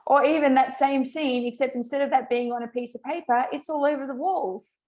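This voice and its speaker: A woman co-hosting a casual podcast, quick-witted and asking follow-up questions. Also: high-pitched, steady tone, noisy background. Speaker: podcast co-host, business owner.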